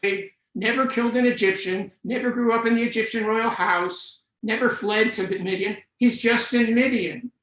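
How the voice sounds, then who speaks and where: A man's voice: high voice, fairly even intonation, normal speed, few pauses, fairly bright tone. An older man lecturing on scripture in an explanatory way, slipping in dry jokes. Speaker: Bible scholar lecturer. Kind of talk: online lecture. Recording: roomy echo.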